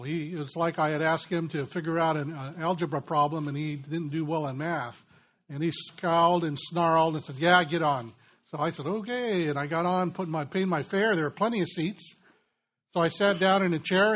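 A middle-aged man preaching to a men's gathering. His voice sits a little high for a man. He tells stories in an earnest, conversational way. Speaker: pastor. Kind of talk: sermon.

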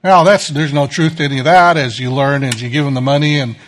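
A man's voice: medium pitch, fairly even intonation, fast, slight background noise. A middle-aged male pastor giving a sermon, telling self-deprecating stories in a conversational way.

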